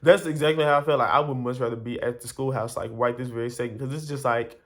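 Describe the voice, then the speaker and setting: A man's voice: medium pitch, normal speed. A man telling a personal story to camera in a casual, rambling way, exasperated and full of asides to his viewers. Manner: rambling, animated, exasperated retelling with many asides.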